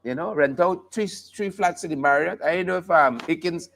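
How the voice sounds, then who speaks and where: This live talk show host speaks at a normal speed, his voice on the high side, creaky and a bit bright. Playful and casual, he cracks jokes about the news, breaks into bits of song, and laughs a lot.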